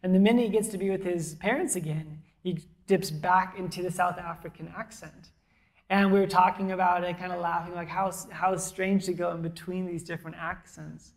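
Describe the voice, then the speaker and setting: A woman pastor preaching a sermon to a congregation in a church, conversational and emphatic, with soft, quiet asides. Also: fairly low pitch, fairly even intonation, moderate pace. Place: church auditorium before a congregation.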